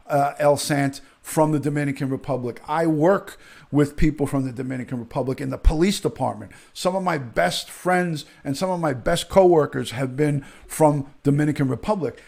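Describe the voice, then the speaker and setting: A middle-aged man hosting a live stream, his voice sitting a little high for a man. He rants with outrage and hammers his points home. He keeps repeating himself and restarting sentences mid-thought. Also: gravelly. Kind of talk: heated live-stream rant.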